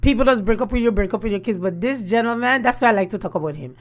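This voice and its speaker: A woman's voice: on the high side, very fast. A woman, hosting a casual storytelling vlog and laughing often. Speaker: host.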